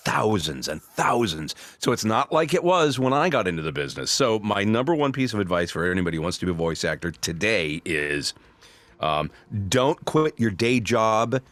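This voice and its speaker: A middle-aged male voice actor telling stories in a casual interview, snarky and animated. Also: lowish voice, normal speed, no echo. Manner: storytelling, animated. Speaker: voice actor guest.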